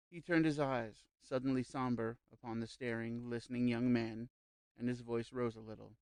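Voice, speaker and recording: Male narrator for a classic novel audiobook: mid-pitched, measured, even storytelling, dry close mic. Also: clean tone, no echo. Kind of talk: scripted narration.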